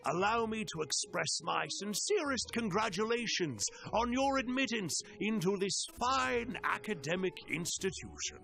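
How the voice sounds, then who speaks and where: A man's voice: high-pitched, lively intonation, unhurried, gravelly, few pauses, pushed and bright, soft background music, pitched above the performer's own voice, full character voice. A man voicing a courteous elderly male butler in formal, old-fashioned phrasing while reading game dialogue.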